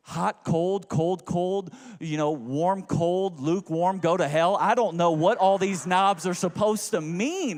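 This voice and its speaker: High-voiced young man preaching in a reverberant hall. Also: normal speed, few pauses. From Houston, Texas. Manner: animated, joking, drops to low asides. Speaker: pastor. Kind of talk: humorous storytelling sermon. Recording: long reverb of a large hall.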